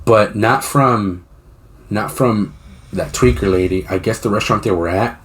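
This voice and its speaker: Low-voiced man, rambling profane storyteller. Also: unhurried, a bit bright. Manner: rambling, profane retelling with many restarts. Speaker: podcast co-host. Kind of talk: casual storytelling chat.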